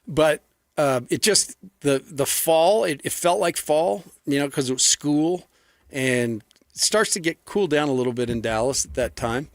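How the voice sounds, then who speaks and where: A man co-hosting sports radio, chatting casually with relaxed, wry quips. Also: a little high, unhurried, dry recording, clean studio sound.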